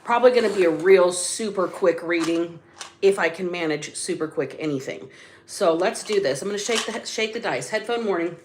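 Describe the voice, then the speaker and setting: A woman's voice: on the low side, moderate pace, slight background noise. A woman doing a spiritual tarot reading, blunt and casual, drawing words out with sudden emphatic bursts. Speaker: psychic tarot reader.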